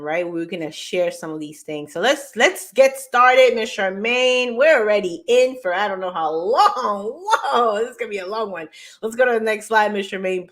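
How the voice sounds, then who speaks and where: Woman, middle-aged, morning show host, casual chat, energetic, medium pitch. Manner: energetic and chatty, talks straight to viewers and crew.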